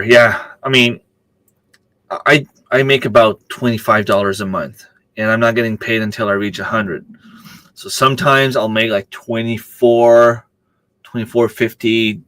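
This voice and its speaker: A man's voice: lowish voice, fairly bright tone, no room sound. A man hosting a casual livestream, rambling along and answering viewers' chat comments with plenty of ums and uhs. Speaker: livestream host.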